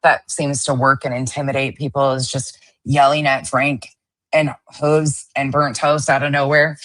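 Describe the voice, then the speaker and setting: Sarcastic woman with a low voice. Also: level tone, normal speed, fairly bright tone. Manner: sarcastic, profane, mocking. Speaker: host. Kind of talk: casual commentary on stream clips.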